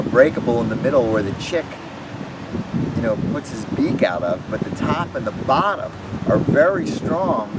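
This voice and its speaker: A man running a casual magic tutorial, rambling and animated, often restarting his sentences. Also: medium pitch. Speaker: magician demonstrating tricks. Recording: distant mic with clear background noise.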